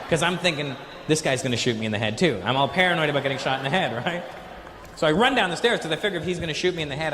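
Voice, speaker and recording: A man's voice: on the high side, bright, forceful tone. A man from Canada doing a stand-up comedy routine, telling a story animatedly and acting out accented voices of the people in it. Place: theater stage with an audience. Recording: echoey live venue with faint noise.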